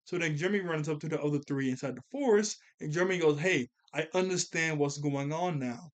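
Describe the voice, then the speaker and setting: A young man giving a casual, animated episode review, slangy and laughing often as he recaps. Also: on the high side, fairly quick, hardly any pauses. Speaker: cartoon reviewer.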